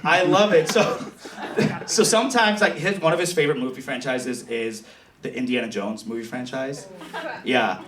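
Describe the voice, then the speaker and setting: A man's voice: medium pitch, normal speed. A man doing a confessional stand-up comedy set on a theater stage. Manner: bawdy, confessional, animated storytelling. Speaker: stand-up comedian and show host. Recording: echoey theater from far off, loud crowd laughter.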